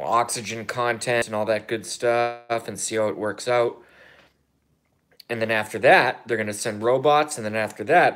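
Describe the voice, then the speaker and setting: A man in his thirties rambling through a political vlog monologue, excitable and profane, swinging from mumbled asides to loud outbursts and repeating himself. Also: on the low side. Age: 30s. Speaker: YouTuber.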